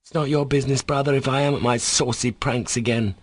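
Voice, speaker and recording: A man voicing a cocky, quick-witted schoolboy who talks in a lofty, teasing way in an audiobook reading. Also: medium pitch, steady tone, no echo, voice pushed up, lightly acted. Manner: lofty, teasing, clipped and sure of himself.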